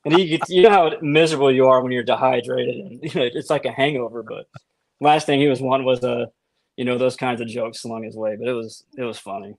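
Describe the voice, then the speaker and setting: A man's voice: medium pitch, steady tone, fast talker, creaky, dry recording. Podcast co-host, man, rambling storyteller, dry close sound. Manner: rambling with many restarts and laughs. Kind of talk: casual storytelling chat.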